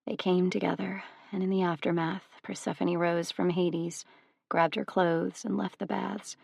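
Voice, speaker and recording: A woman narrating an audiobook in a steady, even storytelling manner. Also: lowish voice, measured pace, gravelly, husky, dry recording, clean studio sound. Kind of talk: scripted narration.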